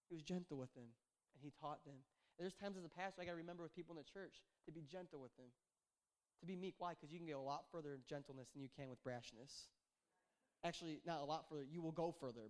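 A young adult man, a pastor, preaching a conversational sermon, joking and telling animated stories. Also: on the high side.

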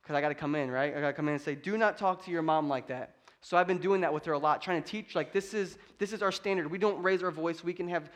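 A high-pitched man in his thirties delivers a sermon in a relaxed, conversational way. He mixes humor with his preaching. At key points he builds to loud, emphatic declarations. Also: rapid-fire, hardly any pauses. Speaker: pastor.

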